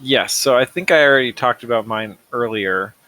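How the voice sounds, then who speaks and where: A man's voice: medium pitch, moderate pace, pushed and bright, no echo, low-quality recording. A man appearing as a guest on a film podcast, speaking casually with hesitations. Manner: hesitant, many ums and restarts. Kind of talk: casual chat.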